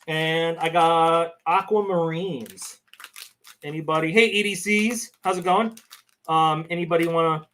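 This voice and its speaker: Male streamer host, slightly high voice, casual rambling chat, desk mic. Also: a bit bright, slight background noise. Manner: chatty, rambling, talks to his cat. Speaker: channel host.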